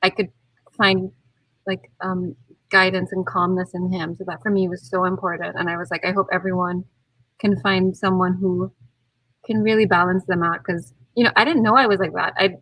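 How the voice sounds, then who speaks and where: A young woman, a bride-to-be, chatting casually on a video call and acting out her own quotes with lively swings. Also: lowish voice, moderate pace, slightly rough, low-quality recording. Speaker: guest, bride-to-be. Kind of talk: casual chat.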